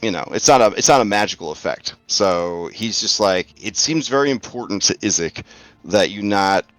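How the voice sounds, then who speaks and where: A man's voice: on the low side, expressive, moderate pace, fairly bright tone, dry recording, soft background music. A young man narrating as game master of an online tabletop game, thinking aloud with many fillers.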